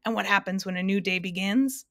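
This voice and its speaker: A woman's voice: mid-range voice, brisk, a bit bright, no room sound, clean studio sound, natural voice. A woman reading a storybook aloud, voicing a fussy male doctor who explains and persuades. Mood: persuasive. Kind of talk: storybook narration.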